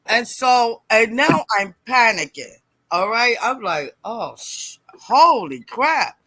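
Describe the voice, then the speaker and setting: A middle-aged woman telling a personal story in a casual, animated way, acting out voices and laughing as she goes. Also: a little high, slow, no room sound. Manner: animated, acts out quoted voices, laughs often.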